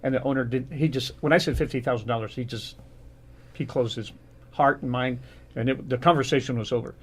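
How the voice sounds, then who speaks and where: A man's voice: medium pitch, fairly even intonation, fairly quick, husky. A man in his fifties, a guest on a radio talk show, telling a rambling story with many restarts. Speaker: guest business owner.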